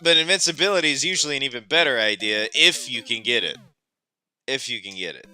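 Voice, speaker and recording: A man streaming a game, chatting casually, animated and exclamatory, and laughing often. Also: mid-range voice, fast talker, smooth, soft background music. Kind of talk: casual gameplay chat.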